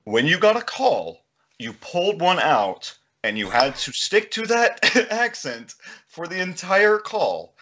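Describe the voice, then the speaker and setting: Animated, bright-voiced man telling a story. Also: high voice, slow, highs cut off. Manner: storytelling, laughing often. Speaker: guest. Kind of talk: casual chat.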